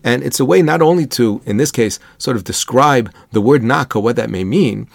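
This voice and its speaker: A rabbi gives an explanatory Torah lecture in a slightly gravelly, mid-pitched voice, speaking earnestly and thoughtfully at normal speed with lively intonation. He moves easily between English and Hebrew terms. The recording is dry and close, with no room sound.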